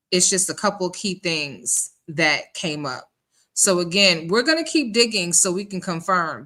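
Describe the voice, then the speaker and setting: Woman streamer-host, low but bright-toned voice, relaxed commentary to the chat. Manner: chatty, addresses chat as y'all. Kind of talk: livestream commentary.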